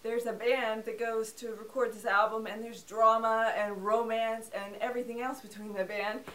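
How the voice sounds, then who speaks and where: A woman's voice: on the high side, level tone, normal speed, fairly bright tone, recorded from a distance, low-quality recording. A woman hosting a casual film review show, talking in a playful, sarcastic, joking manner. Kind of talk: casual scripted movie review.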